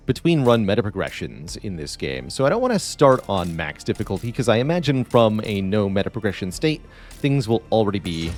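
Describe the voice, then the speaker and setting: A chatty man streaming a video game, thinking out loud as he goes. His voice is fairly low but rises and falls a lot. Faint music plays behind him. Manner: chatty, thinking aloud with fillers. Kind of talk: casual live-stream game commentary.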